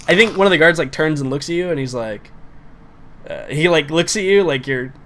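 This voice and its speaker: A man's voice: on the high side, expressive, moderate pace, fairly bright tone. A man narrating a tabletop game as game master, casual and rambling with many fillers.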